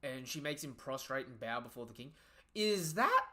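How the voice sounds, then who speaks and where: A young man hosting a live manga reaction, excitable and slangy, often breaking off and restarting mid-sentence. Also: mid-range voice, moderate pace.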